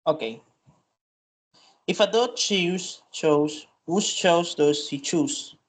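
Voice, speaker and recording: Slow, hesitant student reading aloud. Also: medium pitch. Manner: hesitant, careful. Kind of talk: reading a tongue twister aloud.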